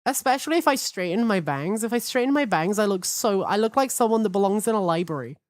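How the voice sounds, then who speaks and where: A woman's voice: mid-range voice, animated, fast, darkish tone, no room sound, clean studio sound. A woman streaming from home, chatting in a hyperactive, cheeky way and swearing freely. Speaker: VTuber streamer. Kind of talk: casual live-stream chat.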